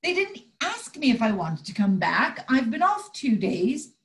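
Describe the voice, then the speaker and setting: A woman's voice: a little high, sing-song, unhurried, a little hiss or hum. A woman reading the part of a stressed, loving mother, pleading and strained. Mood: angry. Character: stressed mother Judy, frayed but loving. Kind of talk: live script reading over video call.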